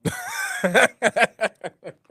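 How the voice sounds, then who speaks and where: A man's voice: very high voice, wildly swooping pitch, drawn-out words, pushed and bright, breathy edge, no echo. Laughing easygoing man, dry mic. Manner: laughs as he talks, rambling, easygoing. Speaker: podcast co-host. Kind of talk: livestream reaction talk.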